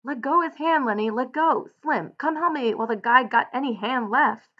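A woman reading aloud, voicing an anxious, loyal male ranch worker who gives loud shouted commands. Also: a little high, expressive, a little slow, muffled recording, voice pushed up. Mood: shouting.

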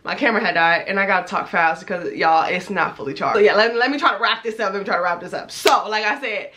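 A woman in her twenties telling a casual storytime to camera at home, animated and expressive, swearing freely. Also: medium pitch, fast talker. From United States. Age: 20s. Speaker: vlogger. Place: indoors at home, talking to a camera.

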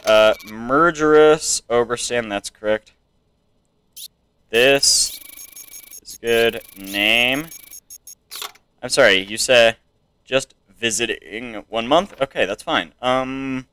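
A man's voice: mid-range voice, slow pace, long pauses, pushed and bright, smooth. An American man casually commenting to himself while playing a video game. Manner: musing, talking to himself. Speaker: gamer. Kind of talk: let's play commentary.

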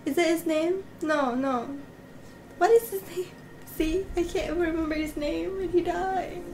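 A woman's voice: very high voice, normal speed, background noise. A young woman hosting a movie reaction, chatting emotionally and laughing often. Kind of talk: casual reaction commentary.

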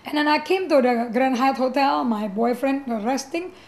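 High-voiced woman giving testimony. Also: normal speed. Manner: animated, acts out quoted voices, frequent restarts. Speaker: pastor. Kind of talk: personal testimony storytelling.

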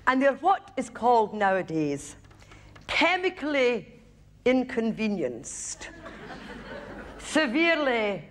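A woman's voice: on the high side, big pitch swings, slow, pauses often. A woman telling comic stories on a theatre stage, chatty and confiding with the audience. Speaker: stage comedian. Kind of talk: stand-up storytelling. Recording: live theatre, audience laughter, band music.

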